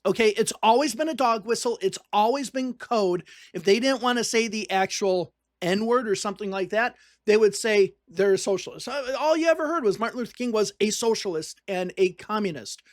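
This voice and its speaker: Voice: medium pitch, a little fast, few pauses, no room sound, studio quality. A political commentator from the northern United States, talking casually and reading on-screen text aloud, often repeating points for emphasis.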